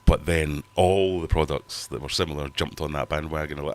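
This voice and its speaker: A man's voice: very deep voice, steady tone, a little fast. A middle-aged man hosting a casual livestream from his home fish room, chatting to viewers and reading their comments in a rambling, self-mocking way. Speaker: livestream host.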